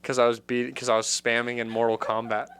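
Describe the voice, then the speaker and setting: Bright, clear-voiced male podcast host. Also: medium pitch, fast. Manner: animated storyteller, acts out shouted quotes. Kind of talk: casual comedy podcast banter.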